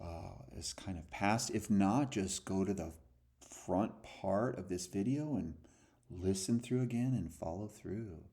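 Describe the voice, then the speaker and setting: A man working as an anxiety counselor, guiding listeners through calming breathing in a soft, slow, soothing way that often sinks to a near whisper. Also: low voice, gravelly. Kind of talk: guided breathing and calming talk.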